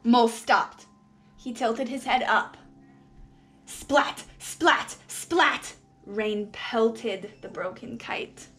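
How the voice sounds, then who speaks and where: Reading a picture book aloud to a group of young children, a woman preschool teacher speaks with a fairly high pitch. She's expressive and breaks off now and then to ask the kids questions.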